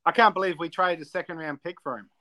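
Brief: man, high, sharp voice, constant swearing, ranting co-host. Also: fairly even intonation, fast talker. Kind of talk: casual chat.

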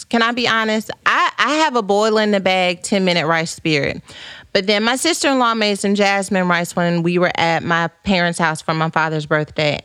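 A woman's voice: medium pitch, a bit bright, no room sound, clean studio sound. A woman podcast host chatting casually and playfully, reading out viewer comments and rambling through folksy, church-flavored asides.

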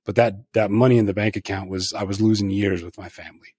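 A middle-aged man with a husky, somewhat low voice, hosting a podcast interview. He talks frankly and reflectively and swears freely. The sound is dry and close, with no room echo. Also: steady tone, fast talker, darkish tone. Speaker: podcast host. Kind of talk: candid conversational interview.

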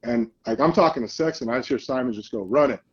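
Man telling animated football stories. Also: mid-range voice, quick pace, breathy edge, dull audio. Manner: animated storyteller, acts out quoted lines. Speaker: guest, football coach. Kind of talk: casual storytelling interview.

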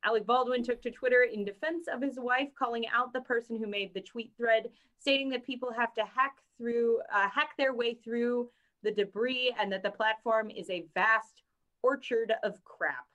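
A woman co-hosting a casual podcast, reading out topics and chatting in an animated, joking way. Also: fairly high pitch, moderate pace, highs cut off. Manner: animated and joking, mimicking others. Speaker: co-host reading the news topics.

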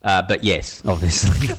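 A man's voice: on the low side, a bit bright. A man with an Australian accent chatting casually, acting out quoted lines in put-on voices. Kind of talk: casual chat.

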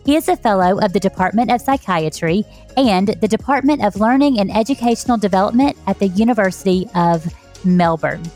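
A woman's voice: medium pitch, expressive, brisk, darkish tone, faint music behind. A woman from Texas, hosting a podcast interview in an enthusiastic, effusive way. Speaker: podcast host.

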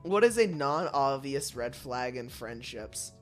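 Woman podcast host, low voice, animated, blunt, swears freely, faint music behind. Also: unhurried. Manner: blunt and profane, laughs often. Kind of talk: casual chat reading out questions.

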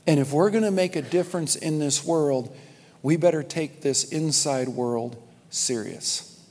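A man's voice: fairly high pitch, unhurried, darkish tone. A man preaching a sermon in a church, speaking emphatically, repeating key lines and addressing the congregation directly. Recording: long reverb of a large hall.

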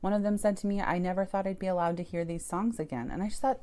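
A woman's voice: mid-range voice, fast talker, hardly any pauses, dark tone. A woman who founded a church, telling her story candidly in an interview, swearing and laughing as she goes.

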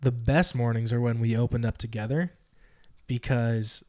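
A man's voice: mid-range voice, steady tone, normal speed, mellow. A young man as a guest in a casual chat, laid-back and dryly joking.

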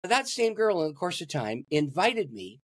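A man's voice: on the high side, very animated, moderate pace. A man, a pastor and guest, telling a story in an interview and laughing at his own stories.

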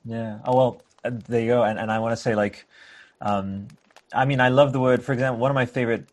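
A man's voice: mid-range voice, steady tone, fast talker, no echo. A man hosting a podcast, talking casually and musing in metaphors with many fillers. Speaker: podcast host. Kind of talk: casual conversation.

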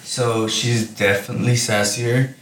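A young man co-hosting a casual chat, swearing often and telling animated stories with frequent laughs. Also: mid-range voice, a little slow. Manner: profane, laughing, animated storytelling. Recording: roomy, distant mic with clear background noise.

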